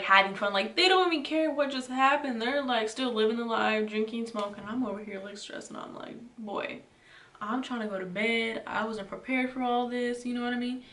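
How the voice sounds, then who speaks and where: A young woman tells a storytime in a loose, chatty way, full of filler words. Her voice sits at an ordinary pitch for a woman. The recording has a roomy echo and she sounds set back from the mic. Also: fairly bright tone, far from the mic. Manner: chatty, filler-heavy retelling with lots of "like" and "you know". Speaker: vlogger. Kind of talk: casual storytime.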